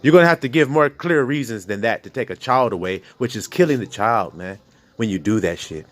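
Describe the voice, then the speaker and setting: A man's voice: medium pitch, lively intonation, brisk, fairly bright tone. A man preaching with passion, bluntly and profanely, firing rhetorical questions at his listeners. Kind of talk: preaching to a congregation.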